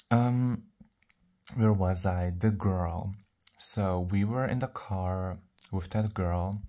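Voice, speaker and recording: Speaking straight to the camera, a vlogger rambles through a casual monologue, stopping and restarting his thoughts and filling them with "like" and "um." His low, mellow voice sounds self-assured and sassy.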